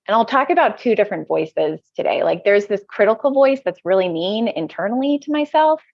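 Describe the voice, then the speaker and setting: A woman from the United States, a podcast guest, talking reflectively and haltingly, often restarting her thoughts. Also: medium pitch, animated, gravelly, no echo. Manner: hesitant, self-searching, frequent restarts. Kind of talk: reflective conversational interview. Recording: slightly dull lo-fi audio.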